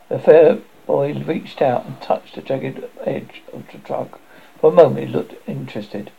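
A man narrating a novel aloud with an animated delivery, with slips he corrects as he goes. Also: mid-range voice, unhurried, creaky, husky. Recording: dull lo-fi recording.

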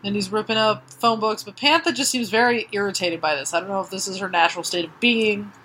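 A woman's voice: mid-range voice, fast talker, fairly bright tone, slight background noise, rough recording. A woman co-hosting a podcast, chatting casually about comics in a dry, blunt way with casual swearing. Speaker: podcast co-host. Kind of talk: casual comic-book chat.

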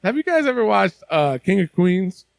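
A man's voice: sits high, very animated, normal speed, vocal fry, over a noisy crowd. A man hosting a wrestling podcast in casual, profane banter, laughing often. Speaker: podcast host. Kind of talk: casual chat.

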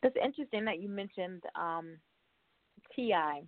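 A woman's voice: fairly low pitch, expressive, moderate pace, no room sound. A woman hosting an interview, chatty and full of fillers. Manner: chatty, warm introductions with fillers. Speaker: radio show host. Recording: tinny phone-like line.

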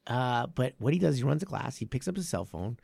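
Gravelly-voiced man talking martial arts. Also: medium pitch, fairly quick, dry recording, clean studio sound. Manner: rambling, self-correcting, animated when making a point. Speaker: martial arts academy owner and podcast host. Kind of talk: casual podcast chat.

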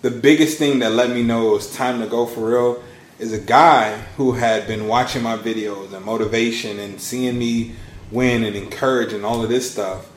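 A man in his thirties, a podcast guest telling his story in a casual, animated way. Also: normal speed, reverberant, slight background noise. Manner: animated storyteller, acts out quotes with big pitch swings. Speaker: podcast guest, launch strategist.

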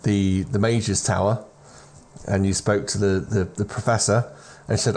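A man acting as game master at a tabletop game, patiently laying out how the world works. His voice is fairly low and he restarts phrases as he thinks. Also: little pitch movement, unhurried, a little mellow. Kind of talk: tabletop game narration and rules talk.

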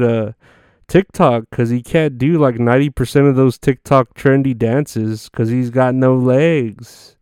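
A man's voice: mid-range voice, takes it slowly, mellow, clear, resonant tone, dry recording, studio quality. Sarcastic, foul-mouthed man ranting. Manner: crude, sarcastic and profane; rambling with frequent fillers. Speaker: podcast host. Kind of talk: comedic rant monologue.

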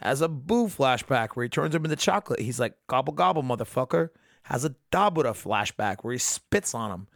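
A man's voice: medium pitch, expressive, brisk, few pauses, no echo, studio quality. Sarcastic, swearing young man recapping. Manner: profane, sarcastic, jokey. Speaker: podcast host. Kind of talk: casual solo episode recap.

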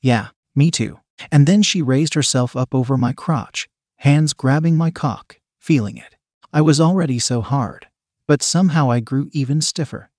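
A man narrating a first-person story in a quiet, even reading voice. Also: fairly high pitch, normal speed, no room sound, studio quality.

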